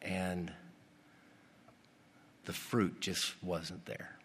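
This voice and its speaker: Low-voiced pastor preaching in a reverberant hall. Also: male voice, extremely slow, slight background noise. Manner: animated, rhetorical questions to the congregation. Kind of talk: sermon. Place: church. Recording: long reverb of a church hall.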